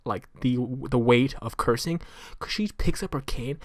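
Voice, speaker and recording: A man's voice: medium pitch, normal speed, no echo, studio quality. Young man rambling through a story. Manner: rambling storyteller, full of fillers, laughs while telling. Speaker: podcast co-host. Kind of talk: casual podcast chat.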